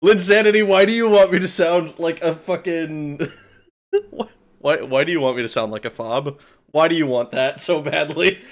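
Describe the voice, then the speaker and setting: Male streamer, somewhat high voice, excitable and rambling, swears and stammers a lot, casual livestream chat. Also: moderate pace.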